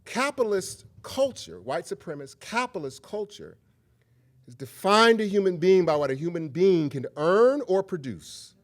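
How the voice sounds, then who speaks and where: A man's voice: high-pitched, animated, moderate pace. A man giving a public lecture, telling stories and talking directly to the audience in a conversational way. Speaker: guest lecturer.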